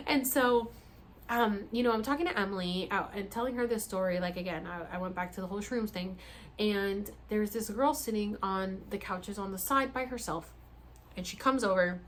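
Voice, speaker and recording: A woman tells a story in a casual, animated way, acting out each exchange. Her pitch sits in an ordinary middle range. A faint noise can be heard behind her. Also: a little fast. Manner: animated, acts out the dialogue. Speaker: vlogger.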